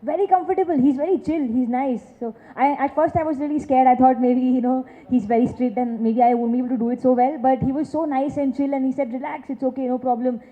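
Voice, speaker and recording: A woman in her twenties, an actress answering interview questions earnestly at a film launch event. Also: high voice. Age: 20s. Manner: earnest and quick, with repeated encouragements. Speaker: lead actress. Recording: muffled phone-like sound.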